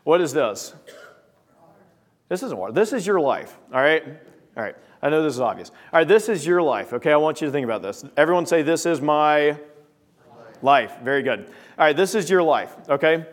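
Animated preacher, a man with a higher voice. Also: a little fast. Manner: animated, talks straight to the congregation. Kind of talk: sermon with object lesson.

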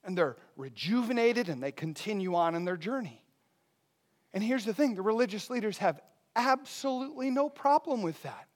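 Male pastor, high-pitched, easygoing conversational sermon delivery. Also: animated, normal speed. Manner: conversational preaching with rhetorical questions.

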